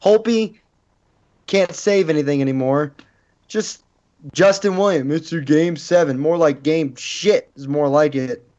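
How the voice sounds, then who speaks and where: A man hosts a casual sports podcast, ranting in exasperation. His voice sits a little high, and the recording is dull and lo-fi. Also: unhurried, a little mellow. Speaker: podcast host.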